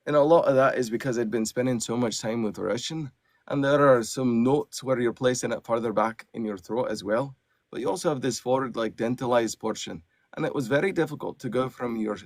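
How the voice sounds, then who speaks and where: A man's voice: medium pitch, fairly quick, darkish tone, no echo, clean studio sound. A man who works as an audiobook narrator and actor, chatting casually in an interview and explaining at length with lots of fillers.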